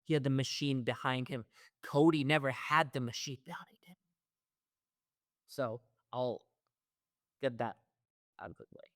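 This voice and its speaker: A man's voice: medium pitch, measured pace, pauses often, no echo, studio quality. A man hosting a wrestling reaction show, ranting heatedly with lots of profanity and repeated phrases. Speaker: wrestling commentary host.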